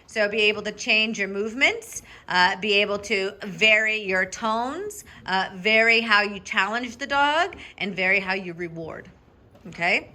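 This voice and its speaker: A woman dog trainer coaching a student through a lesson in an upbeat, directive way, often checking in with "okay?" and breaking into bursts of high praise for the dog. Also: unhurried, sharp tone.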